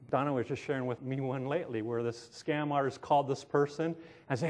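A man's voice: medium pitch, fairly quick, few pauses, darkish tone. A man preaching a conversational sermon in a casual tone, often asking his listeners questions and calling himself sarcastic. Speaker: pastor.

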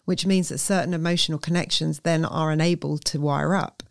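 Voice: mid-range voice, fairly even intonation, fairly quick, creaky, dry recording. Therapist, emphatic explaining, dry close sound. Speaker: therapist guest. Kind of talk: conversational interview.

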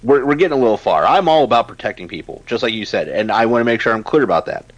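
A man co-hosting a podcast, talking casually and ranting with emphatic, animated energy. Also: mid-range voice, fast talker, no room sound, dull audio. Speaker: podcast co-host.

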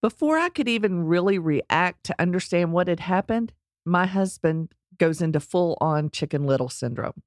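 A middle-aged woman telling a personal story in a casual, animated way, acting out quotes and laughing along. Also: on the low side, moderate pace, no room sound, studio quality.

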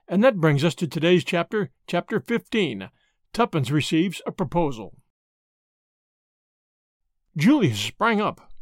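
A man narrating an audiobook in an expressive storytelling way. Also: a little high, moderate pace, no echo, studio quality.

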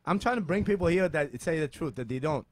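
A man's voice: on the high side, lively intonation, quick pace, no room sound. A middle-aged man from the Middle East with a Middle Eastern accent, hosting a casual comedy chat, rambling playfully with lots of fillers. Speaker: podcast host.

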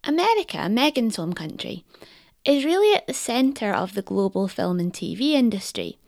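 A woman's voice: medium pitch, big pitch swings, normal speed, creaky, darkish tone, no echo. A Scottish woman narrates a podcast in a wry, articulate voice that rises and falls freely. The sound is close and dry, with no room around her. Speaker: podcast host. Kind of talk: scripted narration.

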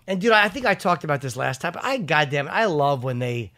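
Man, talk show host, fairly high voice, rambling, profane, casual, restarts sentences. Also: lively intonation, brisk, bright, forceful tone. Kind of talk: casual chat and live ad read.

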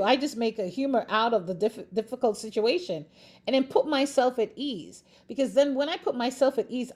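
This is a woman with a somewhat high voice who delivers a faith-based motivational talk. She speaks straight to her listener, laughs freely and repeats her phrases for emphasis. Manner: expressive, laughs often, encouraging.

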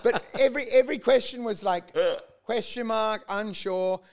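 On a casual podcast, a man with a high voice tells a rowdy anecdote at normal speed. He's animated, laughs often and slips into the voices of the people in his story.

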